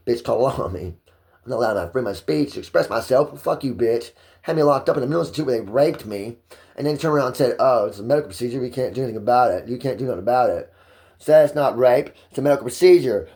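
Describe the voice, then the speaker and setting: A man in an angry, distressed personal monologue, cursing and ranting with his voice climbing toward a shout. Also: fairly high pitch. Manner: profane, agitated ranting.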